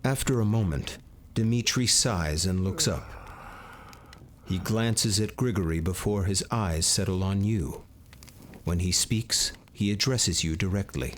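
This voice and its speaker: Low-voiced male story narrator. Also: slight background noise. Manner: measured, second-person storytelling. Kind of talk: scripted narration.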